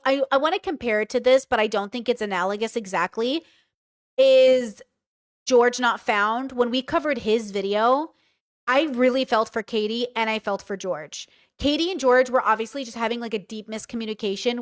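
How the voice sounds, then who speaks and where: Brief: young woman commentator, high pitch, dry close sound, swears freely, exasperated. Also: no echo. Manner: blunt, profane, exasperated. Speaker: reaction video commentator. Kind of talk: casual reaction commentary.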